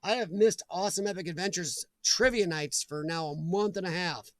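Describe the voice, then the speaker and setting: Live streaming from home at a normal speed, a rather high-voiced man wanders chattily from topic to topic, saying hello to viewers and reading their comments aloud. His desk mic gives a dry, close recording with little room around it.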